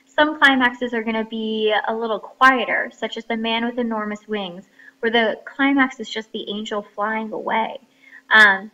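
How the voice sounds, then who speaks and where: Woman teacher explaining, slightly high voice. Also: sharp tone, muffled recording. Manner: explains step by step, reads passages aloud. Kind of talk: classroom lesson on story writing.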